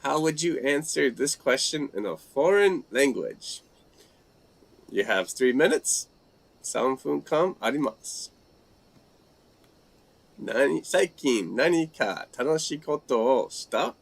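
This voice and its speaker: A man hosting a casual live language-learning chat, reading out viewer comments and trying out phrases haltingly in several languages. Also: mid-range voice, lively intonation, gravelly.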